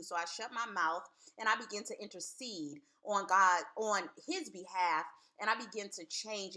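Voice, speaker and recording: A woman's voice: mid-range voice, pushed and bright. A woman talking earnestly and candidly to camera as a Christian vlogger, casual and full of "like". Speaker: Christian vlogger giving marriage advice. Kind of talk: casual faith talk to camera.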